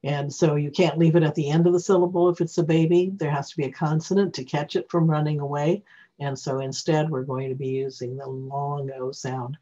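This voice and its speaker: A teacher explains reading rules while recording their own screen, often pausing to restart or correct a thought. The voice is breathy and husky, sitting at a middling pitch. It comes through a computer mic on a dull, lo-fi recording. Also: steady tone, warm tone. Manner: explanatory, self-correcting, thinking aloud. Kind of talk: screen-recorded software tutorial.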